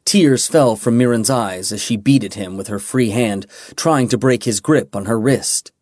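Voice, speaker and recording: A man narrating a fantasy audiobook with a measured, dramatic reading. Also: mid-range voice, darkish tone, no room sound, clean studio sound. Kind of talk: scripted narration.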